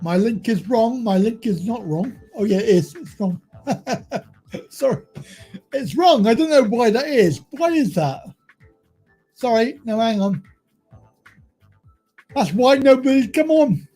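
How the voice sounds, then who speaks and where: A man's voice: high-pitched, lively intonation, measured pace, warm tone, husky, soft background music. A man hosting a live stream, chatty, self-mocking and easily exasperated. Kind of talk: casual live-stream chat. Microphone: video call stream mic.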